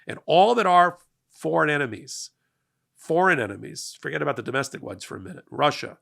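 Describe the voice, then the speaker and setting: Fired-up gravelly male political host. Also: on the high side, fairly quick. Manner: emphatic, energetic, rising to loud peaks. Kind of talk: passionate political monologue.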